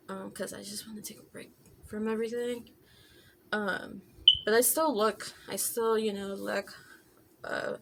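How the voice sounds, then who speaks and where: Casual vlogger woman, gravelly mid voice, rambling storytime over makeup, faint background hiss. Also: medium pitch. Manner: chatty, many fillers and restarts.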